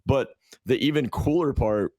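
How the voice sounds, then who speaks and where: Here a podcast co-host tells a long, rambling story in casual chat, full of fillers and restarts. His mid-range voice has a darkish tone at normal speed, captured in clean studio sound without echo.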